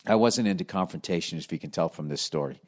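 A man's voice: low-pitched, fast talker. Profane ranting man telling stories. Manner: profane, ranting, self-deprecating. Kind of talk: casual comedic storytelling.

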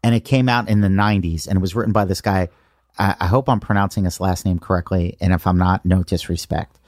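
Lowish voice guy in his 40s hyping up stories on a podcast, super dry close sound. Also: steady tone, fast, a little mellow, no room sound. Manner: enthusiastic storytelling. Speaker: podcast host. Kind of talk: casual chat.

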